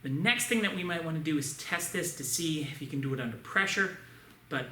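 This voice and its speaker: Teaching a children's martial arts class online, this man coaches in an upbeat way and keeps checking in with the kids. His voice is fairly high, sharp and expressive, and he talks a little fast. The room is echoey, with faint ambient noise.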